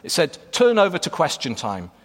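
A man's voice: on the high side, wildly swooping pitch, moderate pace, fairly bright tone. Man preaching in a reverberant hall. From Wales. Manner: conversational, many fillers and restarts. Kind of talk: sermon with scripture reading.

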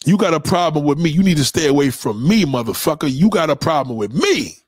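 Brief: high-pitched man ranting to camera, profane and heated, dry close sound. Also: animated, brisk, breathy edge, dry recording. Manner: profane, heated, repetitive callouts. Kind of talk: confrontational rant to camera.

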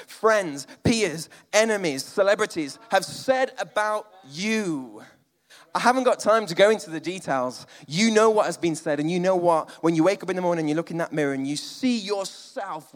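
A man preaching a sermon, moving between loud emphatic lines and quiet, almost whispered ones. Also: sits high, big-room sound.

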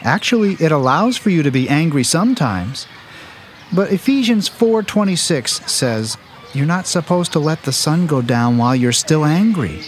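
A man playing a gentle, patient father who calmly explains and reassures, in a family audio drama. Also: a little high, moderate pace, soft background music, close to an everyday voice.

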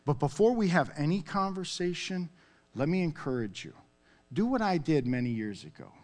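A man's voice: on the high side, normal speed. A man preaching a sermon in a conversational way, often checking in with "okay?" and "all right?". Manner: conversational, animated, with frequent "okay?" asides. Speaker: pastor.

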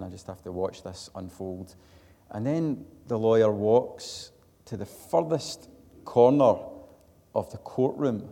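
A Scottish man with a low voice and vocal fry preaches a sermon, sharing an earnest personal story. His delivery builds to loud, emphatic peaks before dropping back to quiet, and long hall reverb trails each phrase.

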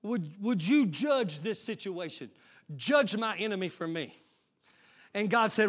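A pastor preaching a sermon, breaking into shouted, call-and-response bursts. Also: male voice, high voice, animated, a little slow.

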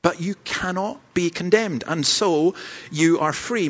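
A man's voice: sits high, unhurried, husky, highs cut off. A Scottish man, a pastor preaching a sermon, earnest and self-deprecating, with stumbling restarts. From Scotland.

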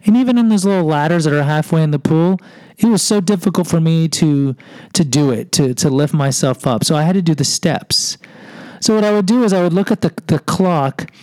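Slightly high and a little fast, his voice is mellow with a clean tone. The Houston, Texas podcast host mocks himself while recounting something personal and voicing what people told him, in a dry, rough recording.

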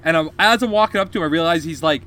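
A man telling a story on a casual podcast, swearing often and animated. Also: on the high side, racing, slight background noise. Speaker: podcast co-host.

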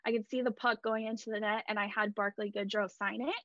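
A woman retelling a night as a hockey fan, animated and emphatic, recorded dull and dry. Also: mid-range voice, fairly quick, dry recording. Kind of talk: excited fan storytelling.

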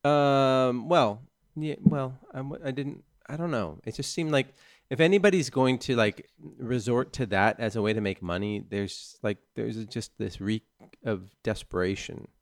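A man in casual podcast chat with a dry, deadpan way of talking. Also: medium pitch, measured pace, no room sound. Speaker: podcast co-host.

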